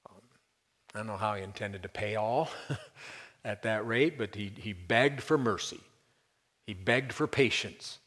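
A man's voice: on the low side, a little slow, long pauses, fairly bright tone, big-room sound. A man preaching a conversational, emphatic expository sermon as a pastor. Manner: conversational, emphatic, with brief chuckles.

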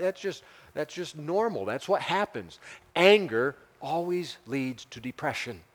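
A man teaching a Bible passage as a pastor, halting and repeating words, rising to urgent emphasis. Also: fairly high pitch. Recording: long hall reverb.

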